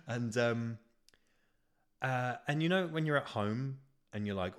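A man's voice: mid-range voice, expressive, takes it slowly, pauses often, clean tone. A young man hosting a podcast, telling a comically petty story in a profane, ranting way. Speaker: podcast host. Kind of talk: casual storytelling monologue.

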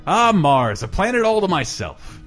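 A man's voice: sits high, big pitch swings, moderate pace, fairly bright tone, faint music behind, voice pushed up, exaggerated voice. A man playing a crude, giddy stranded astronaut. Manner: boastful, over-the-top. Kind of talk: comedy sketch.

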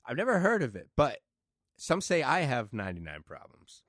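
A man co-hosting a podcast, trading dry, deadpan jokes and quick reactions in casual chat. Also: mid-range voice, no room sound. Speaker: podcast co-host.

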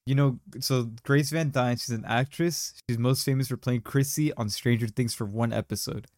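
A man's voice: medium pitch, fairly even intonation, normal speed, a little mellow, dry recording, clean studio sound. Young man rambling through gossip. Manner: rambling, slangy, many fillers. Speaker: podcast host. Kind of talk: casual chat, storytelling.

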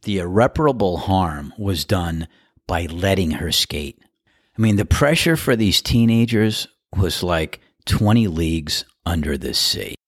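A middle-aged man with a fairly low voice delivers sports commentary on his podcast. He is opinionated and emphatic, letting his pitch leap on words he wants to stress. The sound is close and dry, with no room around it. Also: expressive, measured pace, no room sound. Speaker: podcast host.

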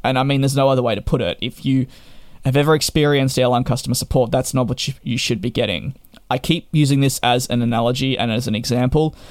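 A man's voice: medium pitch, steady tone, fast, no echo, clean studio sound. A young man tells a frustrated storytime rant to camera. He sounds exasperated and sarcastic. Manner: exasperated and sarcastic, with repeated restarts. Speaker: travel vlogger.

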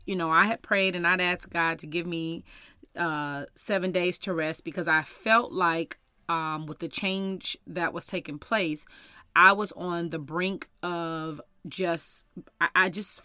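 Woman devotional podcaster, earnest and chatty, bright slightly low voice, dry close sound. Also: unhurried, clean tone, no room sound. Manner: earnest, faith-filled, conversational with fillers and scripture quotes. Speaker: podcast host and minister. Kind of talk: devotional podcast talk with scripture reading.

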